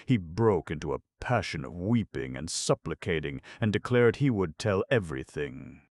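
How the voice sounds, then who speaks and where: A man reading an audiobook in a measured, deadpan way. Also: sits low, no room sound, clean studio sound. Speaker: audiobook narrator. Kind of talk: scripted narration.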